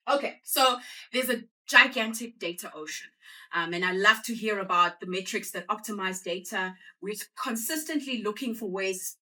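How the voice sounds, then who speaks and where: A South African woman giving a conversational talk to a live audience, throwing quick call-and-response questions at the room. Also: medium pitch, bright, forceful tone, far from the mic. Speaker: guest speaker. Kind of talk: conversational presentation.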